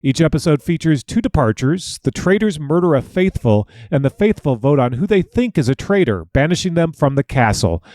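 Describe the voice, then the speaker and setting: A man hosting a podcast, reading a smooth scripted introduction of the show and its guest. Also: on the high side, big pitch swings, brisk, few pauses, darkish tone, no room sound. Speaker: podcast host.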